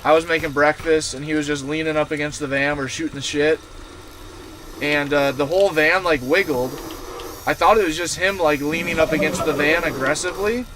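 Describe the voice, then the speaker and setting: A man's voice: on the high side, fairly even intonation, fairly quick, fairly bright tone, slight background noise. A man streaming from his camper van, telling a story to his live chat in a casual, profane, rambling way with lots of fillers.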